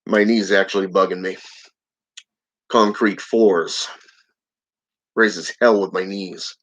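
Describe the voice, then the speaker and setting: A man's voice: sits low, fairly even intonation, slow, a bit bright. A man hosting his channel, reading viewer comments aloud in a casual live-stream chat and chuckling often. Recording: dull lo-fi audio.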